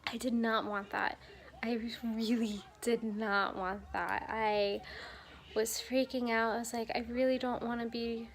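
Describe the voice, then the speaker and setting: A young woman vlogger telling a personal story in a casual, animated way, acting out what others said to her. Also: on the high side, measured pace. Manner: animated retelling, acting out quoted dialogue.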